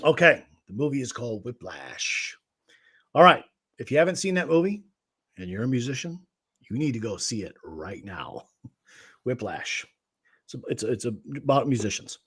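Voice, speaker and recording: A man's voice: mid-range voice, very animated, moderate pace, pauses often, fairly bright tone, husky. A man teaching guitar rhythm on a livestream, patiently explaining and counting beats aloud. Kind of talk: livestream music lesson.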